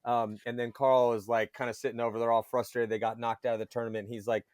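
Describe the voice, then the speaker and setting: A man chatting casually on a podcast, telling lively stories and swearing casually. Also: mid-range voice, fast, no room sound, clean studio sound. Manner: animated storyteller, swears casually. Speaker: paintball commentator guest.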